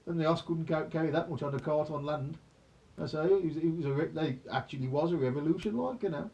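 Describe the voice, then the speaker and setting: A man with a Black Country accent explains things in a halting, colloquial way. His voice sits notably high for a man. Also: creaky, a little mellow. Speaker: interviewee.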